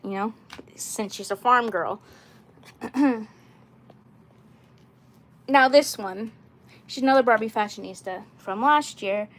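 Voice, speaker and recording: A woman chatting casually while showing her dolls, rambling with fillers and frequent throat clearing. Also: fairly high pitch. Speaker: doll collector livestreamer.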